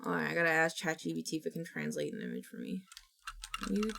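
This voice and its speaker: A woman's voice: low voice, huge pitch swings, fast talker, gravelly, sharp tone. A young adult woman streamer in casual live-stream chat, dramatic, breaking into shrieks and groans and restarting her sentences.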